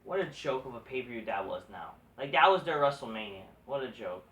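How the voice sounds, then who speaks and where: A man's voice: mid-range voice, expressive, a little fast, fairly bright tone. A man ranting casually and profanely about wrestling news, rambling and exasperated, with lots of restarts. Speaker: wrestling commentary vlogger. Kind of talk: casual rant. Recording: echoey room from far off the mic.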